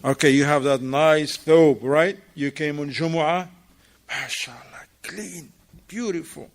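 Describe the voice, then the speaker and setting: A man's voice: on the high side, slow. A man teaching an informal religious class in a mosque, talking with his students, asking them questions and repeating their answers, in English that is not his first language.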